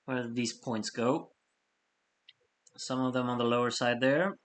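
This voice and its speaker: A man hosting a live stream of fan votes, reading out scores in a chatty, apologetic way while he has the hiccups and keeps clearing his throat. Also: medium pitch, measured pace, a bit bright. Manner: chatty, apologetic asides between score readouts. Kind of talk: casual live-stream commentary.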